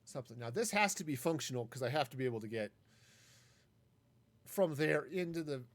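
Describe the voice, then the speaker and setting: A man rambles casually through a live game stream, wry and self-mocking, in a mid-range voice with lively intonation and a fairly quick pace. It's relaxed gameplay commentary.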